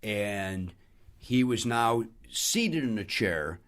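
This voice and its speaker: A man, a comedian guest on a podcast, telling a story in casual chat with frequent restarts and loud bursts when he quotes people. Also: on the low side, extremely slow. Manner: animated, bursts loud when quoting others; restarts and trails off often.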